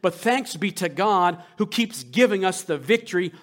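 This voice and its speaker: An American man, a rabbi, preaching a sermon with passion and rhetorical questions, swinging between loud and hushed. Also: high-pitched, animated, moderate pace. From United States.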